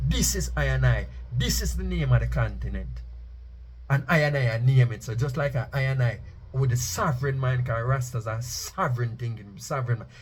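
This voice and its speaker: A man's voice: medium pitch, husky. A man delivering an emphatic preaching monologue, chanting key phrases for effect. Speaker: Rastafari speaker.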